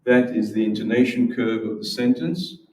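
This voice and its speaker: A man's voice: lowish voice, normal speed, dark tone, slight background noise. Man lecturing in an echoey room. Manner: explanatory, repeats words when restarting. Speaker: symposium presenter. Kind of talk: academic lecture with demonstrations. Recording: roomy echo from far off.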